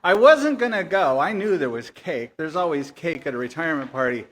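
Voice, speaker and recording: A man's voice: on the high side, expressive, a little fast, a little hiss or hum. A man hosting a live story night, chatting and joking with the audience between acts. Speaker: event host. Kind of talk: casual emcee chat with an audience.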